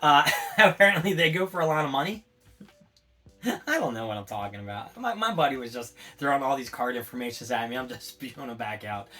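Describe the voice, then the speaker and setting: A man ranting casually as a vlogger, excitable, swearing freely and adding little sound effects as he goes. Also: medium pitch, fairly quick, faint music behind. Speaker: collectibles vlogger. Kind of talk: casual rambling monologue.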